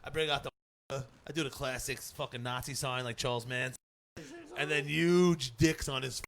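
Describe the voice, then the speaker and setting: A man's voice: mid-range voice, steady tone, normal speed, gravelly, a bit bright. A man co-hosting a podcast, rambling through profane stories in casual chat and laughing often. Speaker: podcast co-host.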